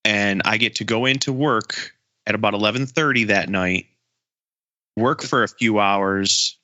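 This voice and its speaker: A man with a lowish voice and a strikingly bright, forceful edge co-hosts a sports podcast. He talks in loose casual chat, getting excited and stammering through restarts. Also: unhurried, highs cut off. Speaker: podcast co-host.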